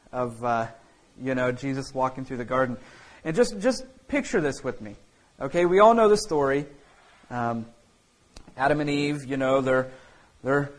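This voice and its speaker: A man's voice: medium pitch, poor audio. A man preaching a sermon as a pastor, talking in a conversational way with many fillers and restarts.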